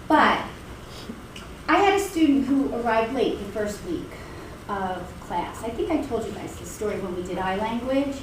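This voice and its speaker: Middle-aged woman teacher giving a lecture, chatty, high voice, mic far off in a big echoey classroom. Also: expressive, brisk, a little hiss or hum. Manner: chatty, anecdotal, acts out quoted lines. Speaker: college communication instructor.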